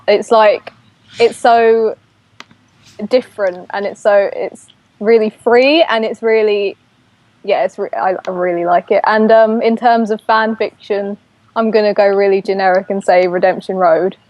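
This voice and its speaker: A young woman speaking as a podcast guest at an ordinary pitch. She answers hesitantly, with pauses and fillers as she searches for words. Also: steady tone, darkish tone, no room sound, lo-fi sound. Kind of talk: casual interview answers.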